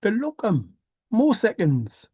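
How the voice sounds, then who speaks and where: Slow, mellow older woman musing aloud. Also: mid-range voice, huge pitch swings, slightly rough, no echo. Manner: repeats words in singsong, hums and laughs to herself. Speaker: treasure hunt vlogger. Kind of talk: rambling musing monologue.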